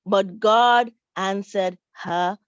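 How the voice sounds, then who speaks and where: A woman telling a Bible-style story to children at church, lively and expressive. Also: mid-range voice, extremely slow, smooth, no room sound. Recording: dull, dry recording.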